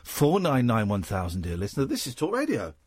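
A man's voice: medium pitch, wildly swooping pitch, brisk, very noisy. A man hosting a late-night radio talk show, chatting with his guest and teasing her. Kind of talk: casual radio chat. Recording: dry radio studio mic.

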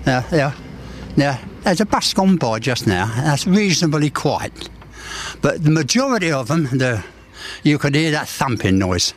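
A man's voice: fairly high pitch, lively intonation, moderate pace, a little hiss or hum. A man in his eighties, out of breath, bluntly complaining in a rambling way during a news interview. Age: 80s. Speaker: local resident interviewed.

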